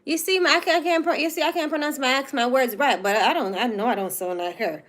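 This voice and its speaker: A woman with a Jamaican accent talks through a casual commentary monologue in a somewhat higher voice. She is animated and opinionated, and she draws out the phrases she wants to stress. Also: fast talker. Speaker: commentary host.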